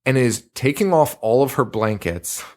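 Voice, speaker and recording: A man at an ordinary middle pitch, co-hosting a podcast in a loose, chatty way. He talks with animated energy, swears freely, and laughs easily as he recaps a movie scene by scene. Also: normal speed. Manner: profane, laughing, animated banter. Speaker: podcast co-host. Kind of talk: casual movie recap chat.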